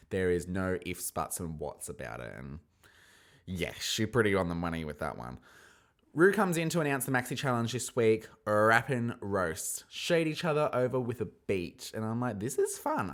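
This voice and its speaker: A man hosting a casual solo podcast recap, playful and animated, acting out quotes in shifting voices. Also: lowish voice. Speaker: podcast host recapping a reality show.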